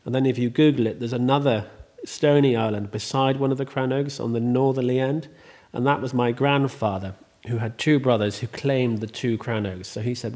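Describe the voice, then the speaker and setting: A man's voice: medium pitch, normal speed, hardly any pauses, darkish tone. A man, the host, talking casually in an interview, rambling and chatty with many ums and restarts. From Ireland. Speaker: host and estate owner.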